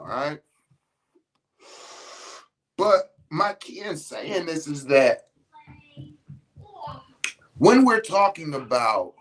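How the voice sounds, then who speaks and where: A podcast host speaks to his listeners casually and bluntly, swearing freely and restarting sentences as he tells emphatic stories. His male voice is fairly high and bright in tone, and the audio is poor.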